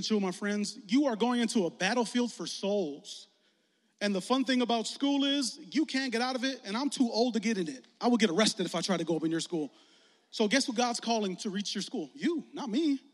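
A man, preaching a lively, joking youth sermon that rises to shouts. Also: very high-pitched. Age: 40s. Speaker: youth pastor. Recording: long hall reverb.

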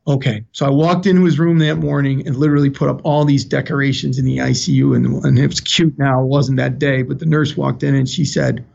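A man's voice: medium pitch, flat delivery, fairly quick, creaky, hardly any pauses, darkish tone. An older man telling a personal story in an earnest, plainspoken way, with emotion close to the surface. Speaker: guest telling his story. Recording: dull lo-fi recording.

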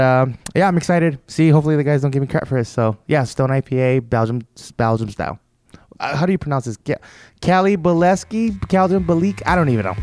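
A man's voice: mid-range voice, darkish tone, no echo. A man co-hosting a casual beer-tasting podcast, joking, laughing often and making crude innuendo. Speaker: podcast co-host.

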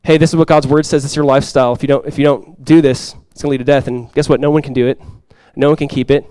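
A male pastor preaching a sermon to his congregation, swinging from loud, impassioned lines to quiet, soft ones. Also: medium pitch, steady tone, rapid-fire, smooth, dry recording. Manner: impassioned preaching, swells loud for quoted cries then drops soft. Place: church sanctuary before a congregation.

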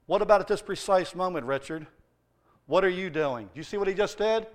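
A middle-aged male pastor delivers a sermon in a high voice. He tells stories from his week with humour and pushes his points with lively emphasis. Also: fairly quick. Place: church.

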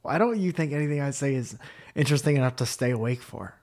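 Rapid-fire and mid-range in voice, a young man who does comedy and co-hosts a podcast trades stories in casual chat, joking around and cursing with lively animation.

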